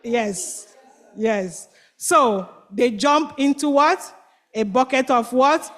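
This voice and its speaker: At church, a woman tells a children's story with lots of animation, quizzing her young listeners through call-and-response questions. Her voice is high-pitched and her pace slow.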